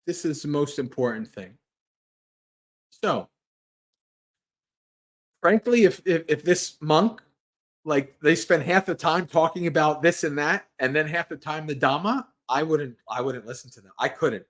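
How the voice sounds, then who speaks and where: A man's voice: on the high side, a little slow, long pauses, fairly bright tone. A man who is a Buddhist monk, hosting a livestream and giving a casual Dharma talk, earnest and rambling, restarting his sentences and laughing lightly.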